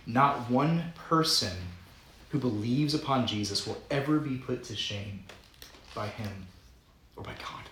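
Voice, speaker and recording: A pastor in a church sanctuary delivers his sermon in a loose, conversational way, often slipping into light chuckles. His mid-pitched voice carries the echo of a large room. A faint background hiss sits beneath it. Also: unhurried, fairly bright tone. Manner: conversational, playful preaching with frequent chuckles.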